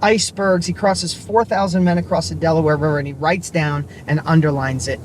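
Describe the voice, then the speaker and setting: A middle-aged man, a vlogger and business coach, telling a motivational story in an excited, rambling, emphatic way. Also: a little high, fairly quick, slight background noise.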